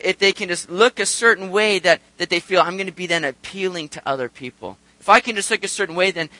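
Lively, bright-voiced man preaching. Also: high voice, no room sound, poor audio. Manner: animated, acts out quoted voices, rhetorical questions. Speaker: pastor. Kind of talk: sermon.

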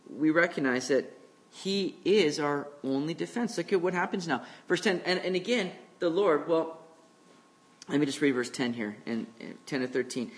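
Conversational male pastor, slightly higher voice. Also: a bit bright. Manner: conversational preaching, acts out quoted voices, slows for scripture. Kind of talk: expository sermon.

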